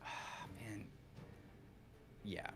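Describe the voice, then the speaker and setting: A man's voice: extremely slow, background noise. A man hosting a game stream, chatting casually in a joking, self-deprecating way with swearing. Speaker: streamer host.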